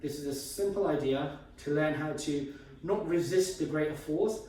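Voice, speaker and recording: A man's voice: fairly high pitch, moderate pace, a little mellow. A man teaching a martial arts technique, explaining step by step while he demonstrates. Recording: echoey room from far off, faint noise.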